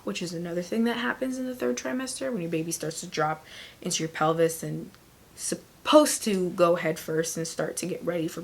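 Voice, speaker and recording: Woman vlogger, heavily pregnant and winded; low-ish, casual, rambling delivery with breathy near-whispers. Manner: chatty and rambling, many fillers, laughs often. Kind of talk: casual chat to camera.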